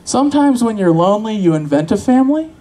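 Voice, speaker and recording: A man's voice: high-pitched, sing-song, fast, a crowd in the background, low-quality recording. A man doing crude, rambling, self-mocking open-mic stand-up on a convention stage. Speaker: stand-up comic. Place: convention stage with live audience.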